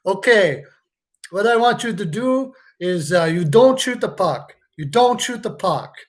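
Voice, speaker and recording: A man's voice: high voice, animated, a little slow. A man putting on a hockey coach with an exaggerated fake French accent, giving bossy, mock-serious instructions. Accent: put-on French.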